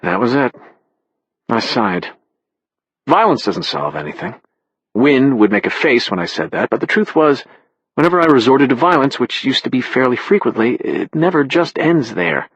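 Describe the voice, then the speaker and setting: A man narrating a thriller audiobook in the first person, in a measured, matter-of-fact way. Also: mid-range voice, very animated, breathy edge, no echo, dull audio.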